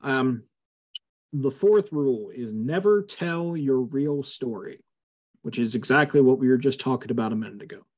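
Over a video call, a man leads a casual Bible study, teaching in a conversational way with plenty of fillers and emphatic asides. His voice is mid-range and a little mellow, and he speaks at a moderate pace.

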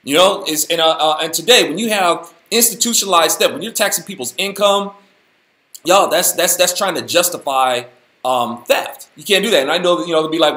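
A man hosting a casual Bible study, talking in an animated, folksy, slangy way. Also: high voice, brisk, echoey room. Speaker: host, Bible teacher.

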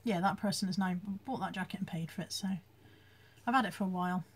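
A woman's voice: on the low side, fast, breathy edge. A British woman hosting a casual live chat from home, reading out viewer comments and laughing often as she talks into her phone. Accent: British English.

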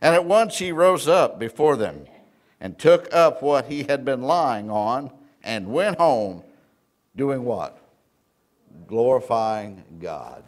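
A man's voice: mid-range voice, lively intonation, slow. A man preaching a sermon in a church, telling folksy stories with a Southern Indiana accent and calling out questions to the congregation. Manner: folksy storytelling preacher, call and response. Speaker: pastor.

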